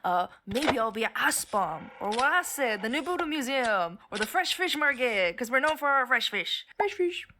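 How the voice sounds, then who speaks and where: A young woman from Japan tells her story as comedic voice-over narration, bright and slightly high, with a joking, playful delivery. The recording has a clear layer of background hiss under her voice. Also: expressive, normal speed, hardly any pauses. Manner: joking and playful, laughs often. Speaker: animation narrator.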